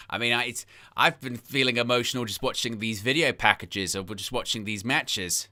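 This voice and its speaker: A man's voice: medium pitch, normal speed, few pauses, pushed and bright. A man hosting a live wrestling watch-along stream, talking casually and passionately, repeating phrases for emphasis and reading out viewer comments. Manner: reads out and answers viewer chat comments.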